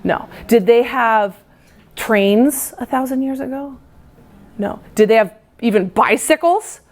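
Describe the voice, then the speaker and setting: A woman, a music teacher, giving a lively storytelling lesson to other teachers and acting out how children react. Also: a little high, takes it slowly. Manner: animated, playful, acts out children's reactions.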